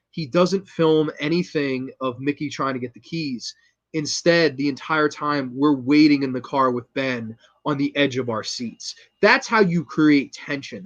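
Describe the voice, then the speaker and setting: A man's voice: a little high, muffled recording. A man hosting a casual film review monologue, enthusiastic and profane, retelling scenes and quoting lines. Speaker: host.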